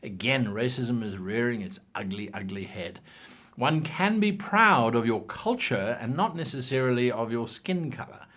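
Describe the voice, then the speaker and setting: A man's voice: medium pitch, moderate pace. A man giving game-master tips in a casual, opinionated talk, acting out examples as he goes. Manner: animated, opinionated, acts out examples.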